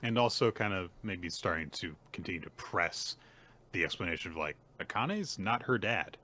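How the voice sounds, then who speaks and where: A man co-hosting a podcast, casually recapping manga chapters and acting out the lines with quick character voices. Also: low-pitched. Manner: animated retelling with put-on character voices. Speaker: podcast co-host.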